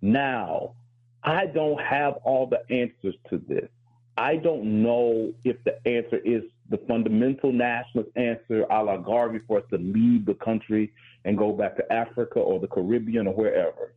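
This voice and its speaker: A man's voice: on the low side, moderate pace, breathy edge, phone-quality sound. A male professor on a talk show, speaking in a thoughtful, candid way with flashes of self-deprecating humor. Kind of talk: reflective talk-show discussion.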